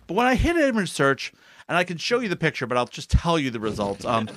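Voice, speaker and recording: A man's voice: on the high side, huge pitch swings, fast, fairly bright tone, a little hiss or hum. A man telling a funny personal story in a casual podcast chat, acting out his own quotes.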